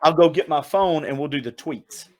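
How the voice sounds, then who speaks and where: A man's voice: on the high side, normal speed. A man from Southeast Tennessee co-hosting a casual livestream chat over a video call, joking and rambling as he leads the talk. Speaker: podcast co-host. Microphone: home video call setup.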